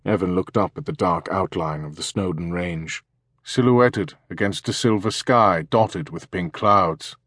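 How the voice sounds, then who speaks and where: A man narrating an audiobook in a measured, even reading. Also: sits low, husky, no room sound, studio quality. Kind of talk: scripted narration.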